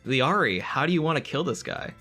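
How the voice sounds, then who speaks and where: A man narrating a tabletop game as game master, animated, laughing often and repeating himself as he talks. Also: a little high, brisk, faint music behind.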